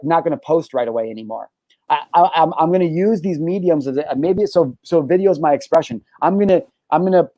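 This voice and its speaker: A man's voice: fairly high pitch, dark tone, no echo, low-quality recording. A man hosting a podcast, talking candidly and emphatically, swearing often and restarting his sentences. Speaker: show host.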